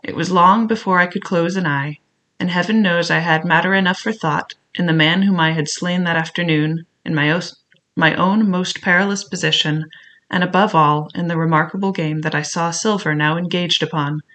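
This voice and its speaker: Bright-toned male storyteller. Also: a little high. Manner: measured, reflective first-person telling. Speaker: audiobook narrator. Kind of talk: storytelling narration of a classic novel.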